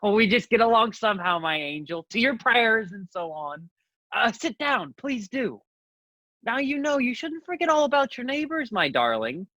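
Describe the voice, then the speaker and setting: A woman's voice: fairly high pitch, very animated, normal speed, a bit bright, no room sound. A woman acting a fussy, fawning older male landowner, gushing with theatrical endearments. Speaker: student actor. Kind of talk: stage acting.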